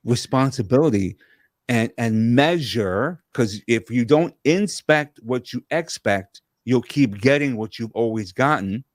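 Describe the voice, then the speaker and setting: Guy on a video call telling stories super fast and lively, lots of restarts, dry sound. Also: medium pitch, dry recording. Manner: fast, animated talker with frequent restarts. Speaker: guest speaker and coach. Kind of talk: energetic conversational storytelling.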